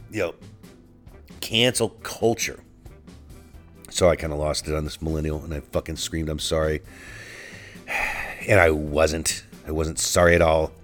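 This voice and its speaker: A middle-aged man with a low voice rants through a solo podcast monologue, swearing freely and stumbling over restarts as he tells his story. Faint music sits under his voice. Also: normal speed. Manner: profane, ranting, frequent restarts. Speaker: podcast host.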